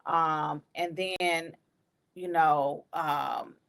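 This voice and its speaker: A woman's voice: deep voice, fairly even intonation, extremely slow, vocal fry, fairly bright tone. A woman comedian hosting her own podcast, talking in a heartfelt, emotional way with many fillers. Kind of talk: personal podcast monologue.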